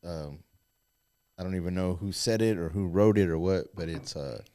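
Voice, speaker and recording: A man's voice: deep voice, moderate pace, dark tone. A man co-hosting a podcast, mostly listening and adding short supportive remarks. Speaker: podcast co-host. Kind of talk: casual chat, brief interjections.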